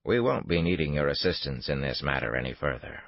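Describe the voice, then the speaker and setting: A man voicing a cold, forceful male intelligence officer who speaks with clipped disdain. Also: extremely low pitch, big pitch swings, fairly quick, creaky, no room sound, full character voice. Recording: dull lo-fi dry recording.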